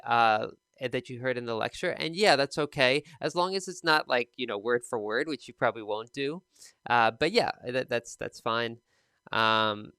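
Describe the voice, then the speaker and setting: Bright, crisp-voiced man teaching. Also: medium pitch, no room sound, clean studio sound. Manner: casual and conversational, many fillers. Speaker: TOEFL speaking teacher. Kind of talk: recorded lesson giving feedback.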